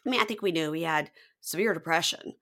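A woman podcast host chats casually as she recaps a reality show. Her voice is bright and forceful and sits fairly low. She tells the story in an animated way, slipping into quick impressions.

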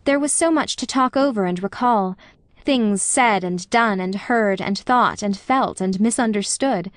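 Woman, audiobook narrator, gentle measured storytelling, dry close sound. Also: mid-range voice, no echo. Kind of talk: scripted narration.

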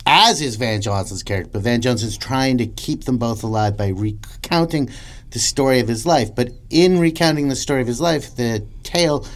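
A man's voice: medium pitch, moderate pace. A man from New England, co-hosting a casual film chat, who recaps plots with dry humor. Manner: wry, recaps plots in detail. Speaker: podcast co-host.

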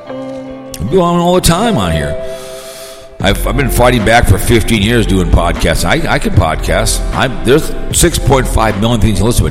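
A man's voice: on the low side, big-room sound. A man hosting his own podcast, talking in a rambling, aggrieved way with lots of restarts. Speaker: podcast host. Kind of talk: rambling livestream podcast talk.

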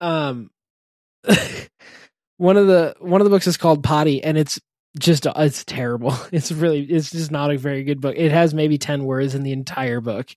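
Man, casual chat, chuckling, halting, restarting, dry close sound. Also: fairly high pitch, darkish tone, dry recording. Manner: chuckling, halting, self-interrupting anecdotes. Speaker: podcast co-host, parent.

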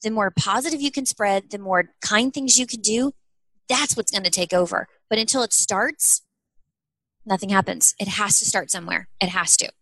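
A woman's voice: mid-range voice, normal speed, a bit bright, no room sound. A middle-aged woman who runs a small clothing business, answering interview questions earnestly and acting out quoted dialogue.

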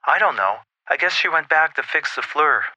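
A man voicing a soft-spoken woman on a radio. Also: on the high side, lively intonation, moderate pace, voice pushed up, poor audio. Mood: hesitant. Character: young woman crew member on radio.

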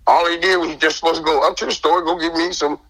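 A man telling an animated personal story as a guest, emphatic and indignant, acting out the dialogue. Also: fairly high pitch, fast talker, crowd noise, rough recording.

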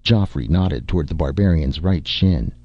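A man narrates a story in a very low, gravelly voice with a husky, dark tone. His delivery ranges widely in pitch, giving the prose movement. The recording is dry and somewhat dull. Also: expressive, moderate pace, no room sound. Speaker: audiobook narrator. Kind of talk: scripted narration.

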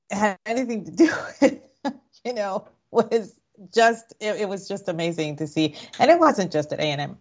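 A woman co-hosting a casual talk show, talking in halting, rambling sentences. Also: medium pitch, darkish tone, lo-fi sound. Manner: rambling, halting, many restarts. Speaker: podcast co-host. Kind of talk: casual chat.

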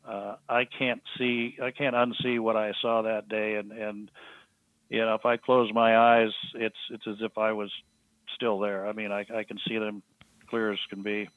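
A man's voice: fairly low pitch, little pitch movement, no room sound. Earnest man telling a story over a phone-like line. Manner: halting, many restarts and fillers, earnest. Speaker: podcast guest. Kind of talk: storytelling in an interview. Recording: thin phone-like line, dry.

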